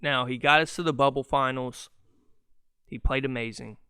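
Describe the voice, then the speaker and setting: A man hosting a solo sports podcast, ranting in an excitable, fast and profane way. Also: mid-range voice, smooth, dry recording, clean studio sound. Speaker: podcast host.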